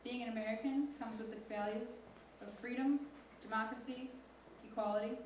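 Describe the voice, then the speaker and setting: A teenage girl recites a spoken word poem with slow, deliberate intensity, her voice a touch high. She is heard from a distance in a big echoing hall, with faint room noise behind her. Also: fairly even intonation, darkish tone. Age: teens. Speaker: student poet. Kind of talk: spoken word poetry reading. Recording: echoey hall from far off.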